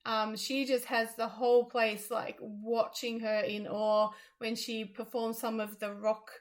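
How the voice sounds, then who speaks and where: Female reviewer, slightly high voice, casual, hesitant, lots of fillers. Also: little pitch movement, unhurried. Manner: thoughtful, hesitant with many ums. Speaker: theatre reviewer.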